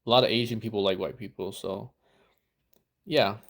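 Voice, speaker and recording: A man's voice: lowish voice, steady tone, normal speed, fairly bright tone. A man giving casual reaction commentary as a dating coach, rambling and swearing, acting out the lines he would use. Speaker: dating coach reviewing footage.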